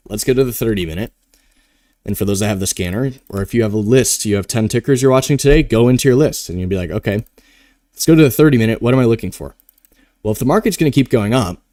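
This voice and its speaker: A man hosts a live trading stream in a loose, meandering way, with restarts and the odd yawn. His voice sits at an ordinary middle pitch. The sound is close and dry. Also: darkish tone, dry recording. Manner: rambling, conversational, yawning now and then. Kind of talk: casual live stream talk.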